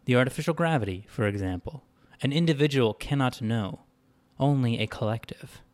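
A man voicing a calm, unmoved synthetic man who answers in measured, formal sentences. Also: mid-range voice, close to an everyday voice.

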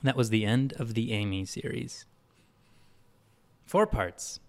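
A man narrating a story at an unhurried pace. His reading stays even and plain, in a mid-pitched voice. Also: dry recording.

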